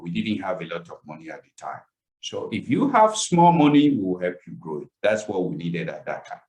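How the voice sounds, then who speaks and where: A man's voice: low-pitched, sing-song, normal speed, a little mellow, poor audio. Earnest man telling a painful story. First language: not English. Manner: earnest, storytelling with emotional swings. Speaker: webinar presenter. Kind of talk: personal story in a webinar pitch. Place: online webinar call.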